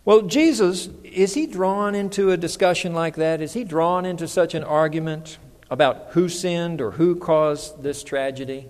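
High-voiced pastor preaching in a hall. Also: male voice, moderate pace, darkish tone. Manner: conversational, asks the congregation questions. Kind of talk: sermon.

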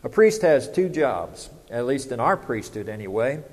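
A man's voice: mid-range voice, very animated, moderate pace, a little mellow. A man, preaching a sermon as pastor, conversational and full of rhetorical questions. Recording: long hall reverb.

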